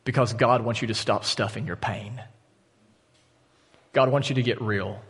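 A man's voice: mid-range voice, steady tone, normal speed, a bit bright, husky. Earnest male pastor in a reverberant hall. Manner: earnest, direct appeals to the congregation. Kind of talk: sermon. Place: church auditorium. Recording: long church hall reverb.

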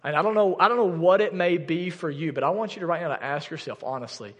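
A man's voice: fairly high pitch, quick pace, hardly any pauses, big-room sound. A young adult man preaching a sermon as pastor, addressing the congregation directly and earnestly. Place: church sanctuary.

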